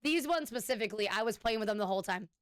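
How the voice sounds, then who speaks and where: A woman's voice: mid-range voice, lively intonation, racing, clean tone, no room sound. A woman streamer chatting casually with her viewers, rambling and swearing now and then. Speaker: Twitch streamer.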